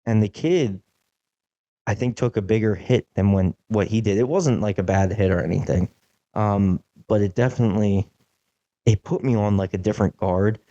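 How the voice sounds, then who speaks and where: Young man, podcast host, casual storytelling, mellow low voice, lively, filler words. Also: normal speed, dull audio. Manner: animated, acts out quotes, many "like" fillers.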